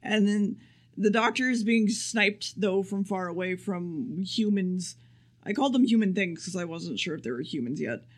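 A man with a notably high voice talks through a plot recap in loose, casual chat. He rambles, swears freely and slips into quick impressions of the characters. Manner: rambling and profane, acts out quotes. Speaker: podcast co-host.

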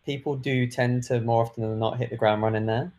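A man's voice: medium pitch, fairly even intonation, fairly quick, darkish tone. A man guesting on a casual football podcast, with a dry, wry humour.

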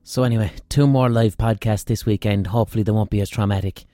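A man's voice: on the low side, steady tone, fast talker, dark tone, no echo. An Irish man hosting a podcast, telling a rambling, profane, self-mocking story in a casual monologue. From Ireland. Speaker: podcast host.

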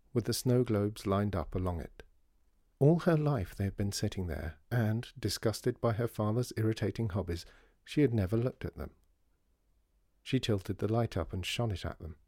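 A man reading a children's story aloud in an expressive way and doing the character voices. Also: on the low side, husky, no room sound, clean studio sound. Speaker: audiobook reader. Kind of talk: storybook narration.

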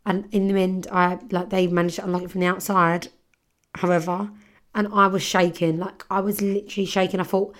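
A young woman with a mid-range, fairly evenly intoned voice talks fairly quickly while hosting her podcast solo. She tells a story in loose, chatty speech, swearing freely and using lots of filler words, with the easy pace of chatting among friends.

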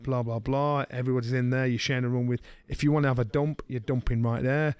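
A middle-aged man, co-hosting a podcast, telling a story in a lively way and slipping into the voices of the people he quotes. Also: medium pitch, fast talker, few pauses, smooth, no room sound, clean studio sound. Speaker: podcast co-host. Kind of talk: casual storytelling chat.

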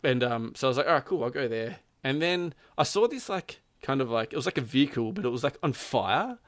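In a dry, clean studio recording, a man with a medium-pitched, animated voice tells a gaming story in casual conversation at a fairly quick pace. He rambles, says "like" constantly, laughs often, and acts out quotes.

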